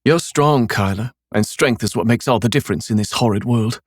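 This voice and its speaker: A man's voice: mid-range voice, fairly quick, dry recording, clean studio sound, voice pushed up, natural voice. A man reading an audiobook, voicing a cold, bitter, scheming middle-aged mother who talks sullenly and sarcastically. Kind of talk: audiobook character voice.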